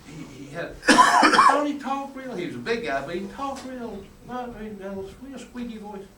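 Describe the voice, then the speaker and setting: A man's voice: very high-pitched, wildly swooping pitch, normal speed. An older man, a football coach telling colorful, emphatic stories at a clinic and chuckling along the way. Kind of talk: folksy storytelling lecture. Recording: roomy, distant mic with faint room noise.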